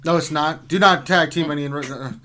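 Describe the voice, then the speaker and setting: A man's voice: fairly high pitch, a little fast, pushed and bright. A man on a live stream panel who teases his co-hosts with mock-indignant quips. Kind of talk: joking live-stream banter.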